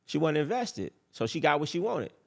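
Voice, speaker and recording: A man's voice: a little high, sing-song, normal speed, creaky. A man hosting a dating advice talk in a casual monologue, blunt, boastful and profane, who repeats his points for emphasis.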